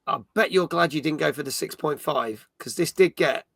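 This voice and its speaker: A man's voice: on the high side, normal speed, vocal fry, a bit bright, no echo, studio quality. A middle-aged man hosting a casual gaming stream, chatting and reading out viewer comments. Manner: chatty, reads chat comments aloud, jokey. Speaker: podcast host. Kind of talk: casual live-stream chat.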